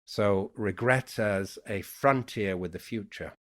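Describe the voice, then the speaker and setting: A middle-aged man with a mixed Yorkshire, Irish and American accent, speaking in an unhurried, thoughtful way as a guest poet in a reflective conversation. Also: fairly low pitch, a bit bright. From England, Yorkshire.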